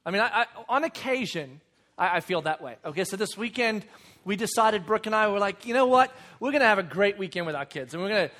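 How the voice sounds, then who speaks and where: A man, telling a lively story about his children and acting out voices with loud bursts. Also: high-pitched, fast. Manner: animated, acts out kids and himself with loud bursts. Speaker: father and speaker. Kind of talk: storytelling talk.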